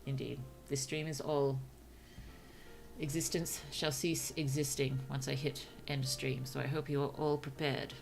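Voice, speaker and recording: Australian woman streamer, low, gravelly voice, chatty and laughing, faint music behind. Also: level tone, unhurried. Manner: musing, chatty, laughs often. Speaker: streamer and writer. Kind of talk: casual livestream chat.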